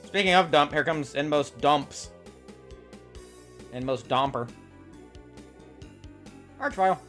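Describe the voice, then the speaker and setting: A reaction video host chatting casually, excitable and laughing often. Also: medium pitch, takes it slowly, faint music behind.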